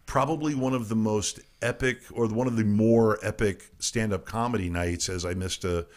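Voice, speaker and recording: A man's voice: on the low side, normal speed. A man hosting a casual talk show, joking and teasing his co-hosts. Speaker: radio show host. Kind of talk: casual chat.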